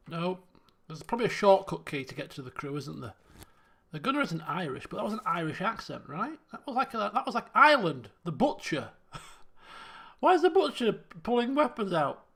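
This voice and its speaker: A man's voice: sits high, gravelly, sharp tone, slightly rough. A man giving casual live-stream commentary while playing a game, chatting and thinking aloud as he works through puzzles.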